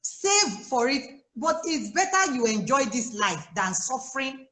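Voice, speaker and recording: A woman with a Nigerian English accent, a life coach giving chatty, animated advice to new mothers on a video call, laughing often. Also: sits high, measured pace, reverberant. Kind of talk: casual advice on a live chat. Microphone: phone or laptop on a video call.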